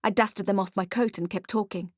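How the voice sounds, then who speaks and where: A woman's voice: mid-range voice, fairly even intonation, brisk, no room sound, studio quality. A woman narrating a first-person urban fantasy audiobook in a wry, hardboiled detective manner.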